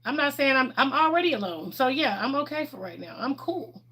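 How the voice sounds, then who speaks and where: Chatty woman, slightly high voice. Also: expressive, fairly quick, sharp tone, slightly rough. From Texas, USA. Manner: chatty and candid, laughs often. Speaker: livestream host. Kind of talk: casual livestream chat answering viewers.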